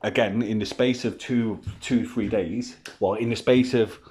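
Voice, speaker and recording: A male vlogger at home, with children around, tells a personal story in a rambling, casual way, swearing heavily and often restarting. His voice is fairly low, darkish and a little breathy, with a steady tone and an unhurried pace.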